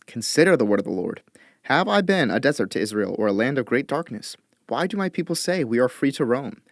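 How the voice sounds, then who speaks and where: A man reading scripture aloud in a measured, expressive way, lifting his voice for quoted lines. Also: mid-range voice, vocal fry, dry recording, clean studio sound. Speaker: Bible reader.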